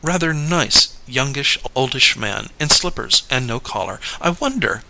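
A woman's voice: a bass voice, lively intonation, unhurried, vocal fry, bright, forceful tone, heavily acted, poor audio. A man reading aloud and voicing a shy, flustered young country woman in a raised, hesitant voice.

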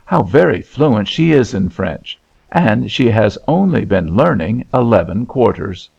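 A pompous mother lectures her guests on plain living in a storybook reading. A man plays her with a low, husky, gravelly voice, barely changed from his own, on a dull lo-fi recording. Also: big pitch swings, measured pace, a little mellow, full character voice. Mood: preachy. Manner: prim and preachy. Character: prim, pompous mother boasting of her children.

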